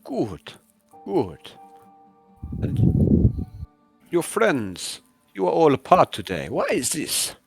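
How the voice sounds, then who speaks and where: A man voicing a solemn, slow-speaking male cult leader with a put-on accent. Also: fairly low pitch, big pitch swings, soft background music, exaggerated voice.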